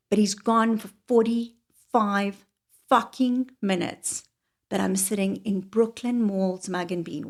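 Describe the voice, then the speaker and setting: Woman, forties, gravelly husky voice, wry confessional storytelling, whispered asides. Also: medium pitch, warm tone.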